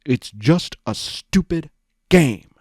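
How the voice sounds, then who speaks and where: Man doing a loud emotional pony warrior. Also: mid-range voice, animated, normal speed, dry recording, studio quality, close to an everyday voice. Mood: furious. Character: big male pony warrior, gentle turned furious.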